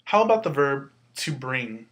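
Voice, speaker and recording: A man teaching a Spanish lesson, explaining slowly and patiently with some fillers. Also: mid-range voice, very animated, fairly bright tone. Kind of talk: recorded classroom lesson.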